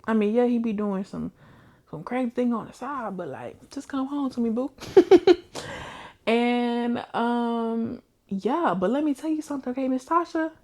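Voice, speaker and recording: A young adult woman chatting casually as she reviews books, telling the plots in an animated, slangy way. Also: fairly high pitch, unhurried. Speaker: book reviewer. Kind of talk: casual chat.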